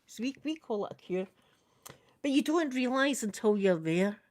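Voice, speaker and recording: A Scottish woman chatting casually through a makeup ASMR video, quick and soft-spoken with frequent laughter. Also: a little high, animated. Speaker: ASMR creator doing makeup.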